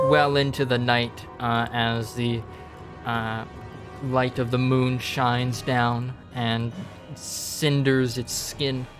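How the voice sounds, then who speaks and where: A man running a tabletop game as dungeon master, narrating haltingly with many fillers and frequent laughs. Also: medium pitch.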